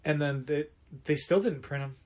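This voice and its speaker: A man's voice: a little high, moderate pace. A man co-hosting a comic shop podcast, talking in a chatty, rambling way with lots of restarts. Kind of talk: casual chat.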